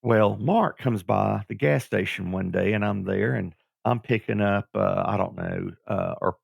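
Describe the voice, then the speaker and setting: Gravelly man telling stories. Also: lowish voice, measured pace, no echo, clean studio sound. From Georgia, USA. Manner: animated storyteller who acts out quoted voices. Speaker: guest, former pro wrestler. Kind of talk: storytelling interview.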